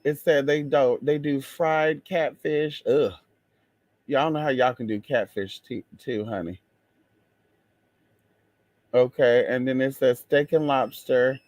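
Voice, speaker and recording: A man chatting casually to his viewers in a sassy, expressive way. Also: mid-range voice, slow, long pauses, no echo, highs cut off. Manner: sassy, expressive, exclaims and drawls. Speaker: vlogger.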